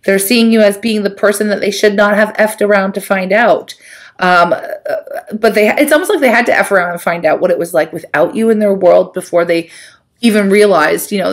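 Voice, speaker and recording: A woman giving a casual tarot reading to camera, chatty and animated, with many fillers and quick acted asides. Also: mid-range voice. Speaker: tarot reader.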